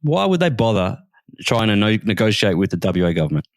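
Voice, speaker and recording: A man's voice: fairly low pitch, big pitch swings, brisk, no room sound, studio quality. An Australian man co-hosting a podcast, rambling and repeating himself in casual chat. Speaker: podcast co-host.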